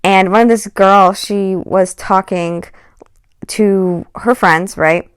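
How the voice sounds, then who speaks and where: A woman's voice: mid-range voice, steady tone, takes it slowly, smooth, no echo, clean studio sound. A woman vlogging a casual storytime, rambling with lots of "like" and "um" and exasperated asides. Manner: rambling, heavy on "like" and "um".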